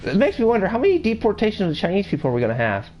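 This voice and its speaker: A man's voice: sits high, huge pitch swings, racing, a little mellow, slight background noise. An American man chatting casually on a podcast, telling crude stories with stammered restarts. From United States. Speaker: podcast co-host.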